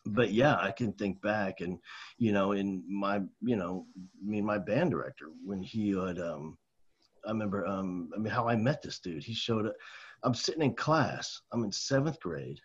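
A husky man with a lowish voice tells stories in a loose, animated way, often repeating himself and calling people man or dude. He is an educator from New Jersey chatting casually. The recording sounds dull and lo-fi. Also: moderate pace. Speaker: educator, guest. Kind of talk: casual podcast conversation.

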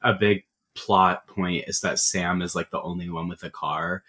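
A young man with a low yet bright, forceful voice, talking bluntly about a film with casual swearing. He is a podcast co-host in easy, irritated chat. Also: steady tone, moderate pace.

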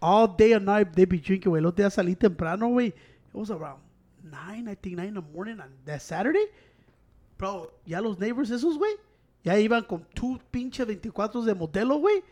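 Dude, talks real fast, animated, cussing and switching languages. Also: sits high. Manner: animated, mixes Spanish into English, heavy swearing. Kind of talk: casual storytelling chat. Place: Chicago.

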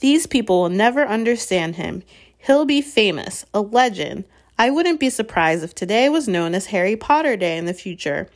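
A woman's voice: mid-range voice, expressive, moderate pace, close to an everyday voice. A woman reading aloud, voicing an older stern female witch professor who speaks in a trembling, anxious, pleading way. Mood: indignant.

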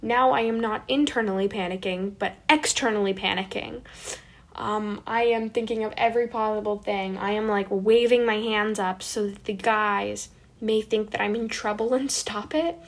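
A woman telling a personal story in a dramatic, animated and self-mocking way. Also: medium pitch, moderate pace. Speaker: vlogger.

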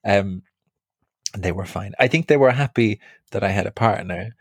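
An Irish man telling a personal story in a relaxed, chatty way, laughing often as he talks. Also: fairly low pitch, moderate pace, slightly rough, dry recording, studio quality. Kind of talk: casual chat, personal storytelling.

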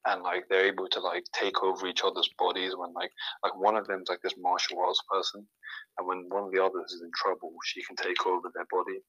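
A man's voice: deep voice, completely flat delivery, a little fast, sharp tone, husky, no room sound, rough recording. A young man, a podcast guest chatting casually and rambling with lots of fillers. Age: young adult. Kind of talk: casual chat.

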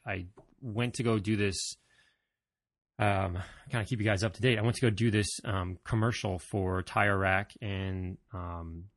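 A man's voice: low-pitched, fairly bright tone, dry recording, clean studio sound. A man telling a personal story to his viewers in a casual, rambling way, with plenty of fillers, self-corrections and self-deprecating humor. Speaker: vlogger.

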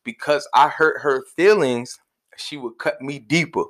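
A man co-hosting a casual conversational podcast, talking in a relaxed, colloquial way. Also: medium pitch, a little slow. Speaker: podcast co-host.

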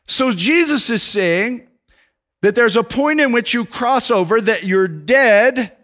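A man's voice: very high voice, animated, takes it slowly, fairly bright tone. A middle-aged male pastor preaching a sermon in an earnest, emphatic way, rising and dropping for stress.

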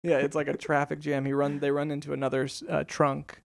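A young man with a higher, gravelly voice chats casually on a podcast, jumping into little voices as he retells scenes. The sound is close and dry, with no room around it. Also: a little fast, dry recording. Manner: animated retelling with quoted voices. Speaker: podcast co-host. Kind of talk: casual chat.

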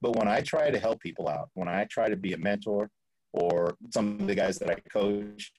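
A man speaking as a podcast guest, telling a story in an animated way, acting out quoted voices and laughing often. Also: lowish voice, normal speed, no room sound, rough recording. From Florida.

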